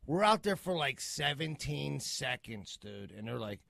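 A man's voice: mid-range voice, big pitch swings, unhurried, vocal fry, pushed and bright, no room sound, clean studio sound. A man, a father of young kids, telling a story in casual, profanity-laced chat as a podcast co-host.

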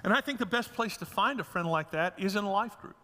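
A male pastor delivers a folksy, story-driven sermon with touches of humor. His voice sits high and bright. The sound rings with the long reverb of a large church hall. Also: lively intonation, fast.

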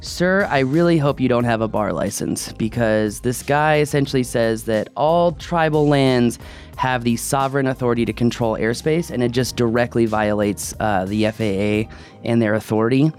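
A man's voice: medium pitch, normal speed, soft background music. A man hosting a drone talk show in casual chat, opinionated and joking. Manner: chatty, opinionated, joking asides. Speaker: podcast host.

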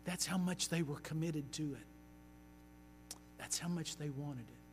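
A man as pastor, preaching a sermon with earnest storytelling that slows down for emphasis. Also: a little high, a little hiss or hum.

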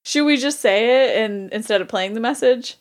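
A woman's voice: fairly high pitch, moderate pace. A young adult woman co-hosting a podcast in casual chat, chatty and eager to tell stories. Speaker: podcast co-host.

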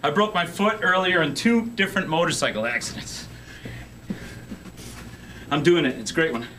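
A man's voice: a little high, moderate pace, bright, forceful tone, a little hiss or hum. A man who owns a music store, hosting a casual local TV show from the store, joking around, tired and out of breath. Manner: joking, rambling, playful. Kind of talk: casual on-camera banter and phone calls.

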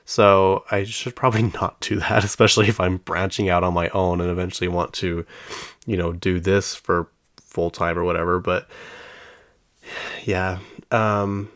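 A man with a very low voice hosts a solo podcast from his home podcast room. He tells stories in an easygoing, wandering way, full of fillers and asides, and laughs often as he goes. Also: steady tone, moderate pace, fairly bright tone. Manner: rambling, drifts off topic with many fillers; chatty storyteller who laughs often. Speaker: podcast host. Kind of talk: casual solo podcast chat.

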